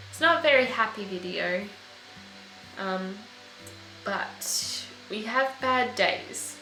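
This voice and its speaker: A young woman recording a personal video diary, speaking in an emotional, halting way while tearful. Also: mid-range voice, bright, forceful tone. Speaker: vlogger. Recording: echoey room with faint music.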